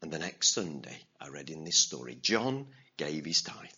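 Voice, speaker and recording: A man preaching a sermon as pastor, telling stories with animated acted-out voices and asking the congregation to respond. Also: very deep voice, normal speed, breathy edge, muffled recording. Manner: animated storyteller, acts out voices. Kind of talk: sermon with story and call-and-response.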